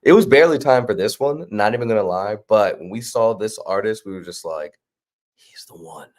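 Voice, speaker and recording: A man's voice: lowish voice, a little fast, darkish tone. A man hosting a casual livestream, rambling and correcting himself as he talks. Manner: rambling, self-correcting, laughs often. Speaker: comic publisher host.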